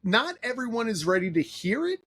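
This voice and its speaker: A man's voice: high-pitched, sing-song, a little fast, a bit bright, slightly rough. A man hosting a podcast interview, talking casually and rambling with lots of "like" fillers. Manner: rambling, filler-heavy, leans on "like". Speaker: podcast host.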